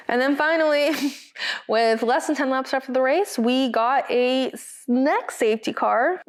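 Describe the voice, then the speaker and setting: A woman co-hosts a podcast in a casual recap style. She talks in a chatty, expressive way with a mid-range voice. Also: medium pitch. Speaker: podcast co-host.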